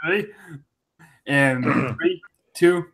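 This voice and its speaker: A man's voice: a little high, drawn-out words, creaky, a crowd in the background. A man co-hosting a podcast in casual chat, laughing often through playful banter. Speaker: podcast co-host.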